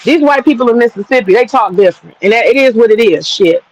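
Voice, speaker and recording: A woman's voice: a little high, expressive, fast, low-quality recording. Profane, rambling woman telling a road trip story. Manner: works with her hands while talking. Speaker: streamer. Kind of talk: casual storytelling chat.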